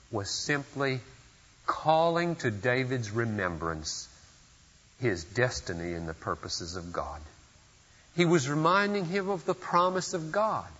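Male pastor mid-sermon, mid-pitched and earnest, punches key lines, dull lo-fi church recording. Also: a bit bright, big-room sound. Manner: earnest, emphatic preaching with sudden rises in force. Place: church service.

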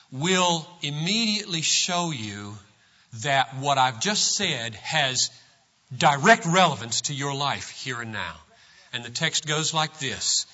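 A male pastor giving a sermon, swinging from quiet, low passages to loud, emphatic preaching. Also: dull audio.

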